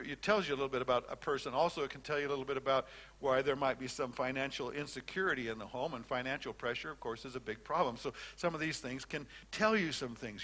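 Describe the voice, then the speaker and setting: Bright-voiced older man teaching a class. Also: on the high side. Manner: conversational, repeats words and restarts, fillers. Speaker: Bible teacher. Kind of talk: classroom lecture on counseling.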